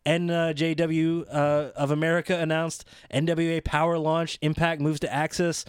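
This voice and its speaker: A man co-hosting a casual chat about wrestling, excitable and rambling, often laughing as he talks. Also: a little high, moderate pace, clear, resonant tone, no room sound, clean studio sound. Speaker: podcast co-host.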